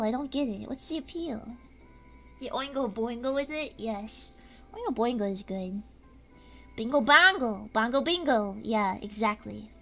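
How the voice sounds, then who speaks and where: A woman's voice: fairly high pitch, a bit bright. A woman streaming casually from home, rambling in an erratic way and breaking into screams and laughs. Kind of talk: casual live-stream chat.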